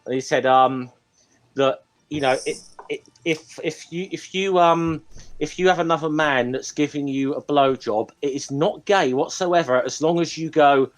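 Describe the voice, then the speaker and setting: A man chats on a casual panel show. He rambles, hesitating and restarting his thoughts. His voice sits a little high. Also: poor audio. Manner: rambling, halting, lots of ums and restarts. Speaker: regular panelist. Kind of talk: casual group chat.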